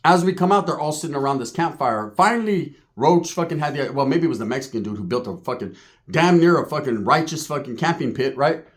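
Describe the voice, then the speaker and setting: Cast note: swearing, animated male storyteller, high-ish and full of swings in pitch. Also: fairly quick. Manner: profane, animated, acts out quotes. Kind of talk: casual comic storytelling.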